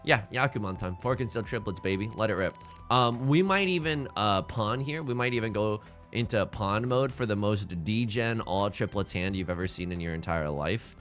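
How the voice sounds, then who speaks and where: Lively, melodramatic male game streamer. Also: fairly low pitch, normal speed, faint music behind. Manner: self-deprecating, melodramatic, stammering restarts. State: tired from little sleep. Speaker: let's play host. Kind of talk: casual gameplay commentary.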